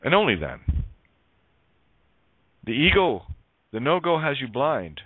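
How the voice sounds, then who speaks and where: Male radio host, preachy and sarcastic, swears, animated voice on a dry phone line. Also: medium pitch, a little slow, breathy edge, no echo. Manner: emphatic, sarcastic, preachy, swears, plays on words. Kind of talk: spiritual monologue on a talk radio show.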